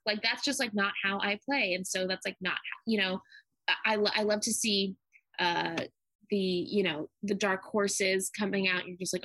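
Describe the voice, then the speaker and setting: A woman's voice: mid-range voice, fairly even intonation, moderate pace, fairly bright tone, dry recording. A young woman co-hosting a podcast in casual chat, gushing and acting out her own reactions, swearing freely. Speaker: podcast co-host.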